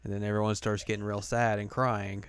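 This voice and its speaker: A man's voice: lowish voice, level tone, a little fast, smooth, no room sound. A man hosting a podcast, recapping an episode in a rambling, casual way with lots of fillers. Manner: rambling, filler-heavy, laughs often. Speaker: podcast host.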